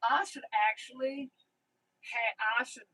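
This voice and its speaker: Reading out comments from viewers, this YouTube livestream host rambles in a chatty, casual way, her accent a mix of New Jersey and Tennessee. She has a high, bright, slightly rough voice with a steady, forceful tone, speaking a little slowly, on a low-quality recording.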